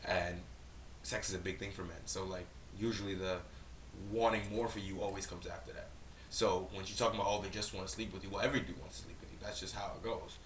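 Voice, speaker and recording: A man's voice: low-pitched, steady tone, quick pace, a bit bright. A man co-hosting a reaction channel, giving blunt, profane, heated commentary. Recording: echoey room, distant mic, faint noise.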